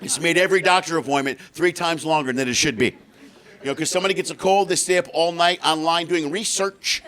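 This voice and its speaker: A middle-aged man doing a stand-up comedy set, telling stories with animated delivery and shouting the punchlines. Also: on the high side, fairly quick. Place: live comedy stage. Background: audience laughter.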